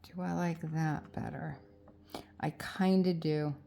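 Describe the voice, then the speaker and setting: A woman's voice: low voice, steady tone, slow pace, creaky, warm tone, a little hiss or hum. A middle-aged woman vlogging as she crafts, rambling and indecisive as she talks herself into her choices. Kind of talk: casual thinking aloud while crafting.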